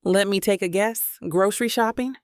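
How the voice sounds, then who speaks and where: A woman voicing a wistful, soft-spoken young man in an audiobook. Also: mid-range voice, normal speed, no echo, clean studio sound, lightly acted. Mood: gentle. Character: young man, gentle and wistful film star.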